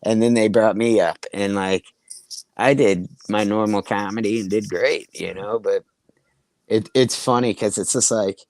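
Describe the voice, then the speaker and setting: A man's voice: on the low side, steady tone, a little slow, a little mellow, no room sound. Profane storytelling man, dry sound. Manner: profane, rambling anecdotes with acted-out quotes. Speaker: comedian, podcast co-host. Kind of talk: casual storytelling chat.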